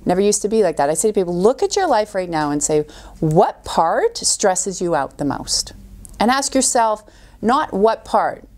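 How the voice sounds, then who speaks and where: A middle-aged woman talking as a podcast guest, an animated storyteller who acts out quoted voices. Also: mid-range voice, normal speed. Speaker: guest coach. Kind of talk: podcast interview.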